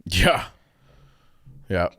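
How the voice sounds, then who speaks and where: A man's voice: drawn-out words, pushed and bright. A man talking casually as a podcast co-host, rambling and swearing, with many fillers. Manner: rambling, profane, filler-heavy. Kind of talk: casual chat.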